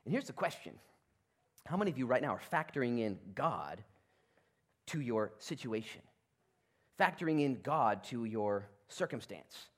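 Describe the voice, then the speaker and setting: A male pastor preaching a sermon in a church, conversational and animated, swinging between loud and hushed. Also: medium pitch, normal speed, long pauses. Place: church sanctuary.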